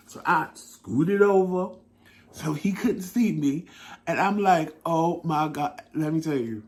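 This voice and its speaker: A middle-aged man chats from his home living room, spinning a story for his talk show with laughter and acted-out quotes. His voice sits a little high for a man. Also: a little slow. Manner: animated, laughing storyteller who acts out his own quotes. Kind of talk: casual storytelling chat.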